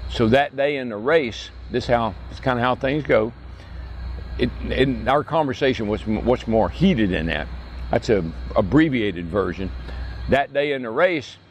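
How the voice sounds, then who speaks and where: A man's voice: medium pitch, a little hiss or hum. Folksy older man telling tales. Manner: folksy, animated storyteller who acts out quotes in a raised voice. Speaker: retired racing driver telling stories. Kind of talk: casual storytelling. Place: outdoors at a racetrack.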